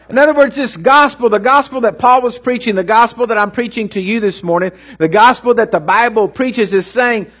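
A man's voice: sits high, expressive, brisk, few pauses, fairly bright tone. A male pastor preaching a sermon to his congregation, with call-and-response asides and lots of repetition for emphasis. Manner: earnest, repeats words for emphasis. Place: church service.

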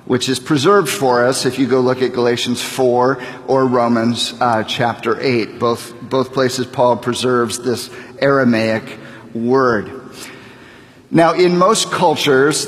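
A man in his thirties, a pastor preaching a sermon, speaking deliberately and building to fervent emphasis. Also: mid-range voice. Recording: long reverb of a large hall.

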